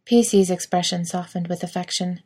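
A woman narrating a story in a calm, even reading voice. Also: lowish voice, moderate pace, husky.

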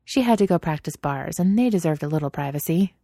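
Woman, low voice, dark and mellow, story narration, dry recording. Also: lively intonation, fast, no room sound.

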